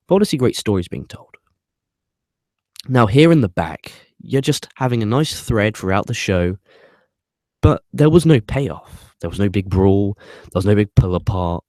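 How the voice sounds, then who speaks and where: A man's voice: lowish voice, darkish tone, no room sound. A man hosting a casual spoken review, opinionated and ranting, swearing freely and rambling off on tangents with frequent restarts. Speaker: wrestling show reviewer, host.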